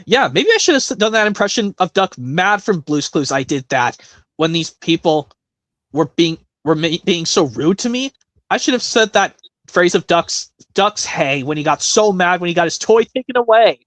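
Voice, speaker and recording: A man hosting a casual impressions stream, rambling with restarts and quick bursts of talk. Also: sits high, lively intonation, a bit bright, no echo. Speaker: stream host doing voice impressions.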